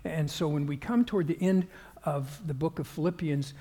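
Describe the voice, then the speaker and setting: A male pastor giving a conversational sermon, halting with fillers and restarts and growing more emphatic as he goes. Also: on the high side, dark tone, in a large hall.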